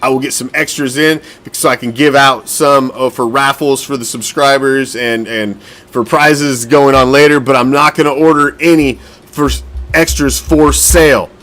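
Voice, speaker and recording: A man's voice: medium pitch, steady tone, moderate pace, a bit bright. Profane, blunt man hosting a fan show. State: winded. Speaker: podcast host. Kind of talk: casual fan show talk.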